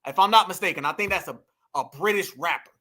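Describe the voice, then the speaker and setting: A man's voice: high-pitched, quick pace, bright, forceful tone. A man hosting a reaction commentary, addressing viewers as "y'all" and "family" and repeating phrases for emphasis. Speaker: commentary host.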